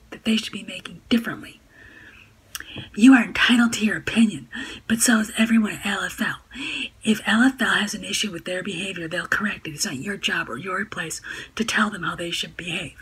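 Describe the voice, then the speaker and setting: A woman's voice: medium pitch, natural voice, rough recording. A woman putting on a snarky, preachy voice for a scolding woman, sneering and lecturing as she reads aloud.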